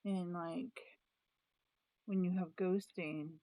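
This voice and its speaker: A woman's voice: fairly low pitch, fairly even intonation, slow, dark tone, no room sound, poor audio. A woman vlogger chatting casually about planners, thinking aloud with restarts and trailing sentences. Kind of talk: casual chat.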